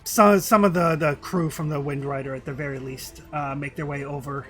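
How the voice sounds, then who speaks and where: A man's voice: on the high side, fairly even intonation, moderate pace, fairly bright tone, soft background music. A man narrating as game master in a tabletop game, with a loose, filler-heavy way of talking. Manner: casual, many fillers like "kinda" and "like".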